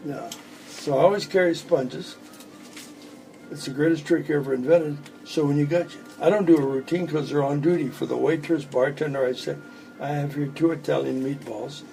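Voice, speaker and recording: Gravelly old man telling jokes. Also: a little high, normal speed, dark tone, low-quality recording. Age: 80s. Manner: joking, rambling storyteller. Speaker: magician. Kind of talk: casual chat with demonstrations. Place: his home.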